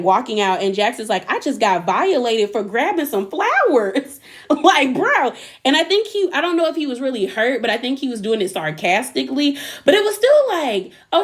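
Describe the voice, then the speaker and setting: Chatty woman recapping reality TV. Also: fairly high pitch. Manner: chatty, animated, acts out quotes with laughs. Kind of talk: casual recap commentary.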